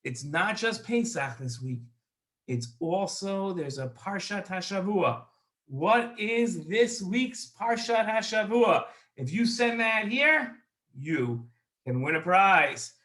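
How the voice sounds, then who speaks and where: A man hosting a children's show, running a quiz game in an upbeat way with drawn-out emphasis. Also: high voice, lively intonation, pushed and bright. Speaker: kids' show host.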